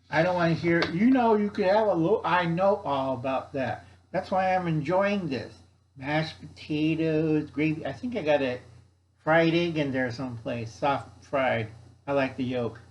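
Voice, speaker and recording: A man's voice: fairly high pitch, a little hiss or hum. An older man hosting his own channel, rambling through a sarcastic, scattered rant while eating a meal at home. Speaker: YouTube channel host. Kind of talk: rambling casual monologue.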